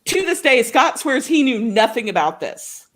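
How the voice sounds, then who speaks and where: Woman, slightly high voice, animated storyteller, laughs often, casual chat. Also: normal speed. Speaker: co-host of a writing show.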